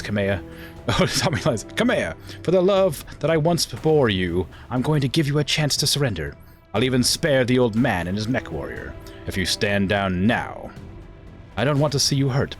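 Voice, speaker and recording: A man's voice: mid-range voice, very animated, moderate pace, soft background music, voice pushed up, natural voice. A male streamer voicing a proud young noblewoman who betrays her friend, reading her lines aloud in a raised voice. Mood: cold. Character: proud young noblewoman turned traitor, cold.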